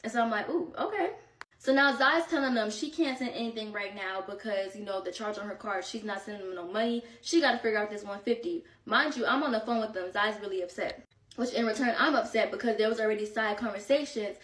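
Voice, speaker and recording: A young woman telling a story in a casual storytime vlog, animated and exasperated as she recounts it. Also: medium pitch, fast talker. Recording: echoey room, far from the mic.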